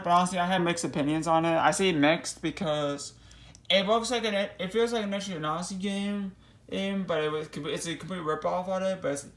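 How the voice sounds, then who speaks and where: A man's voice: fairly high pitch, fairly bright tone. Rambling young man touring his bedroom. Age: young adult. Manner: rambling, restarts, repeats 'actually' and 'crazy'. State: out of breath. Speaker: game collector vlogger. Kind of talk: casual room tour. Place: small bedroom.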